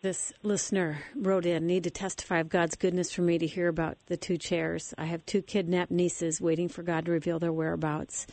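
Woman, faith radio host, low voice, conversational, dry studio sound. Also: flat delivery, normal speed, few pauses, a little mellow, no echo. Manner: conversational, asks long questions.

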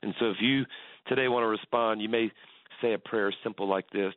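On a tinny, dry phone line, a pastor guesting on a radio interview speaks briskly in a lowish voice with a steady tone. He tells stories earnestly, repeatedly restarting as he goes.

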